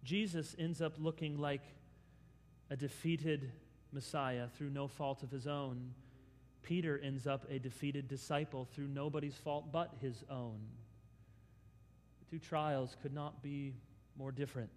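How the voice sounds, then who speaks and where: A male pastor preaching a sermon, dramatically acting out scenes and swinging between loud and hushed. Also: medium pitch, steady tone, unhurried, long reverb tail, a little hiss or hum.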